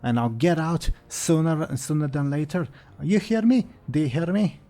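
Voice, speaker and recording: A man voicing a gruff, defiant male dwarf prisoner in a tabletop game, boasting and hurling challenges. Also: on the high side, moderate pace, dark tone, soft background music, pitched above the performer's own voice, natural voice. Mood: boastful.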